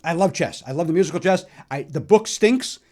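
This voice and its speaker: Chatty middle-aged man, fairly high voice. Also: brisk. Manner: chatty, animated storytelling with many fillers. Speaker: podcast host. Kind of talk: solo musical nostalgia talk.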